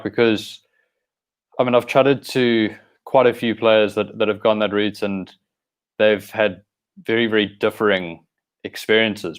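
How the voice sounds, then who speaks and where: Low-voiced podcast host. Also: male voice. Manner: curious, easygoing questioner. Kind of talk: casual podcast interview.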